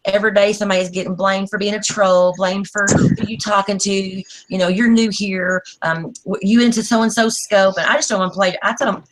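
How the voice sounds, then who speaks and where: A woman's voice: medium pitch, a little fast, hardly any pauses. An adult woman from Oklahoma, a panel guest telling a story in casual chat. She talks bluntly and acts out what people said. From Oklahoma, USA. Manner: animated, blunt, acts out quotes.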